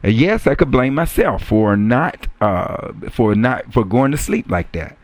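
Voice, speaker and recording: A man preaching a sermon, repeating key phrases and rising to emphatic high exclamations. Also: big pitch swings, unhurried, no echo.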